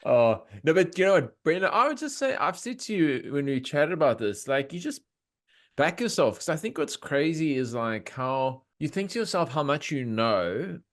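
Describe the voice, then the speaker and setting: A man's voice: fairly high pitch, moderate pace. Male podcast host, enthusiastic and casual over a call. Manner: animated, enthusiastic, swearing. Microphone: video call.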